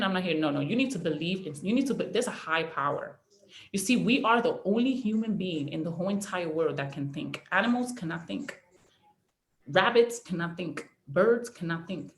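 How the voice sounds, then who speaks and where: A woman's voice: fairly low pitch, fairly bright tone, echoey room. A woman giving a preachy, emphatic motivational training talk as a network marketing leader, repeating herself for effect.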